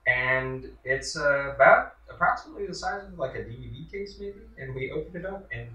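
Bright-voiced man chatting over a game. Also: on the high side, expressive, a little fast, echoey room, recorded from a distance, highs cut off. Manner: joking, chatty, trails off with fillers. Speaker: host. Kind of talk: casual chat while playing a video game. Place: indoors at home in an apartment.

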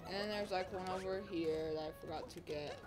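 A woman hosting a gaming channel, chatting casually through a speedrun race with lots of "like" and sudden excited outbursts. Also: on the low side, fairly quick. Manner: rambling, filler-heavy, excitable outbursts. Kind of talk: casual gameplay commentary. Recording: game music playing loudly behind. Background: game music.

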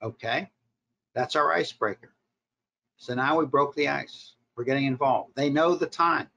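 A man leads a sales workshop, his voice bright and forward. He teaches in short, punchy directives and answers his own rhetorical questions, keeping an instructive classroom tone. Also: mid-range voice, moderate pace, creaky, muffled recording. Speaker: marketing professor leading a workshop. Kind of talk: recorded workshop lecture.

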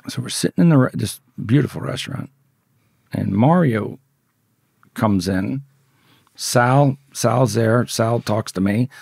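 A man's voice: medium pitch, creaky, a little mellow, slightly rough, no room sound, clean studio sound. A man who is a podcast guest, telling a story in a blunt, profane, casual way and acting out the dialogue.

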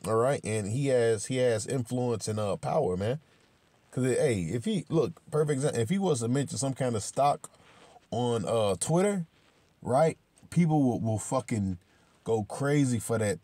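A man giving informal, emphatic scripture commentary, talking with many repetitions and restarts, swearing freely and slowing down to read verses aloud. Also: mid-range voice, mellow, no room sound. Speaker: religious commentator.

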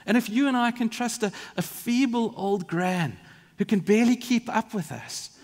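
A man's voice: high voice, animated, normal speed, darkish tone. A man from Africa, preaching a sermon in an earnest, vivid way with asides to the congregation. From South Africa. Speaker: pastor. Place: large church. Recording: long reverb of a church hall.

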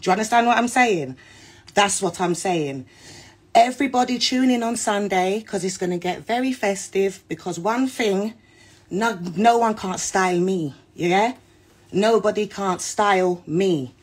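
A woman's voice: mid-range voice, measured pace, breathy edge. A woman with a London accent mixed with Jamaican patois, ranting to her phone in a heated, confrontational way and swearing often. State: pregnant. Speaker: social media personality. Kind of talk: heated rant to camera.

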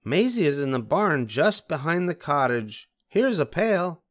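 A man's voice: a little high, big pitch swings, a little slow, voice pushed up. An older man voicing kindly Aunt Helma. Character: kindly old woman farmer, Aunt Helma.

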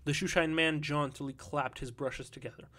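Male audiobook narrator, measured and even, scripted literary reading. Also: on the high side.

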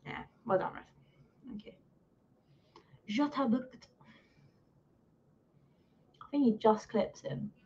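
A woman hosting a live watch-along of a match, excitable and swearing as she heckles the players and the referee. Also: on the high side, slow, pauses often. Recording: dull lo-fi sound.

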